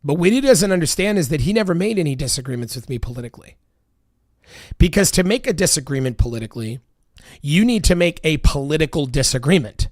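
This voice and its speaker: A man's voice: on the high side, expressive, fast talker, darkish tone, no echo, clean studio sound. A man delivering a heated, profanity-laced political rant, emphatic and repetitive. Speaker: political commentator.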